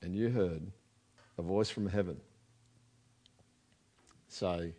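A man's voice: low-pitched, slow, mellow. Man preaching conversationally. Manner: conversational preaching with rhetorical questions. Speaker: pastor. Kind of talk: sermon.

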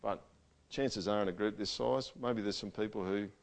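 A man preaching a sermon to a church gathering. He talks conversationally and swings between loud emphasis and quiet, intimate passages. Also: lowish voice, moderate pace, creaky. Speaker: pastor.

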